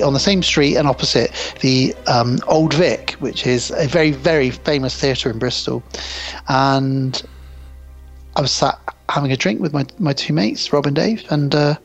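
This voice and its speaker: A man's voice: a little high, vocal fry, breathy edge. A man around forty, co-hosting a podcast, telling a long rambling story in casual film chat. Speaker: podcast co-host.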